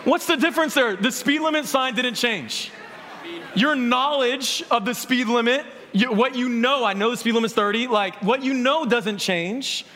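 High-voiced young man preaching in a reverberant hall. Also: normal speed, sharp tone. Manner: earnest, conversational preaching with audience questions. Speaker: pastor. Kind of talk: sermon.

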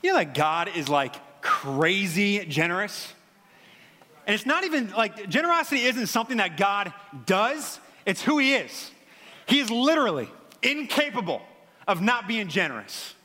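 Animated man preaching in a reverberant hall. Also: sits high, moderate pace. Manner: conversational, animated storytelling with frequent fillers. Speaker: pastor. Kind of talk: sermon.

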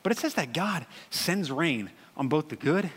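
A man in his thirties preaching a sermon in a conversational, animated storytelling way, with frequent fillers. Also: a little high, moderate pace, husky, big-room sound. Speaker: pastor.

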